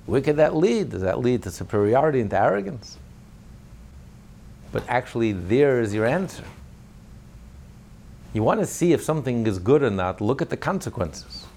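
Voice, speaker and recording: A man's voice: lowish voice, a little mellow, a little hiss or hum. A man teaching a religious class as a rabbi, emphatic and rhetorical, illustrating points with stories.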